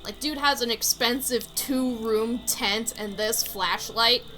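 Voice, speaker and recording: A woman's voice: on the high side, takes it slowly, pushed and bright, slight background noise, low-quality recording. A woman streamer giving chatty, giggly commentary while playing a game, talking into a desk mic. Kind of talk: let's play commentary.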